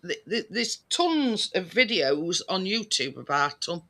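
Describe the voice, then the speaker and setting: A man's voice: sits high, big pitch swings, measured pace, sharp tone. A British man in casual chat as a co-host, rambling with lots of restarts and fillers. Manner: rambling, many restarts and fillers, laughs easily.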